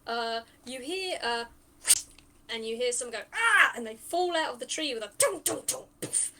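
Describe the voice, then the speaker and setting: A woman with a fairly high voice runs a tabletop game as game master. She is chatty and thinks out loud, filling her narration with ums and small asides. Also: animated, moderate pace, noisy background. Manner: chatty, thinks aloud, many fillers.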